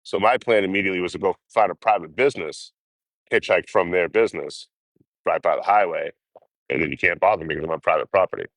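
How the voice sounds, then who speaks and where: A man casually telling hitchhiking stories on a livestream, full of swearing and lively asides. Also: low voice, gravelly, no room sound. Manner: profane, animated storytelling.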